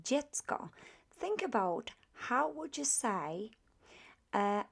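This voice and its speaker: A woman teaching a grammar lesson, patient and methodical, repeating practice phrases slowly and with emphasis. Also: on the high side, very animated, creaky, husky. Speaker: language teacher. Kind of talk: grammar lesson with spoken drills.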